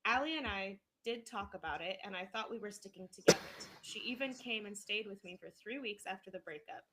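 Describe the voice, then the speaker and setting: A young woman co-hosting a podcast, reading a story aloud in an animated way and breaking into laughs. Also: mid-range voice, brisk. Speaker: podcast co-host. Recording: noticeable background noise.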